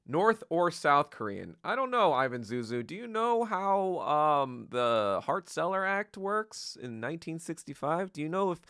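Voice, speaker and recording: A man's voice: medium pitch, gravelly, a bit bright, no room sound, studio quality. A young man hosting a podcast livestream, ranting casually in a crude, joking, rambling way. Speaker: podcast host.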